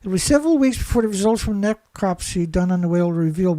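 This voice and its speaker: A man's voice: sits high, animated, quick pace, warm tone, no room sound. A man commentating alone in a sarcastic, mocking way, firing off rhetorical questions, laughing and leaning hard on key words. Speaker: environmental commentator.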